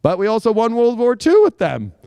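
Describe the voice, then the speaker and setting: Guy ranting live about astrology, cussing a lot, smooth clear voice. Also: very high voice, huge pitch swings, fairly quick, warm tone, dry recording. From United States. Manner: emphatic, profane, rambling. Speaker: astrologer host. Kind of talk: live casual astrology talk.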